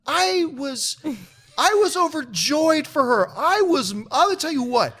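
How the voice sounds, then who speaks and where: Male host, high voice, lively storyteller, casual chat. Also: takes it slowly. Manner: animated storytelling, mimics others in high excited voice. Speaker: show host.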